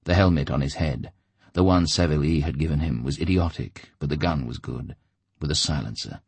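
A man reading an audiobook in steady, measured scripted narration. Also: extremely low pitch, husky, no room sound.

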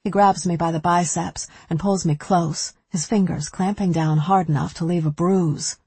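A woman's voice: fairly low pitch, steady tone, moderate pace, a little mellow, husky, no echo. Woman narrating a tense audiobook. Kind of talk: first-person novel narration.

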